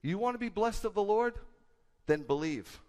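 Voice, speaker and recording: A man preaching a sermon whose voice swings widely, rising to emphatic bursts and dropping to low, confiding asides. His pitch sits a little high for a man. The sound carries the long reverb of a hall. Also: lively intonation, normal speed, dark tone, clear, resonant tone. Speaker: rabbi. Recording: echoey hall with a long tail.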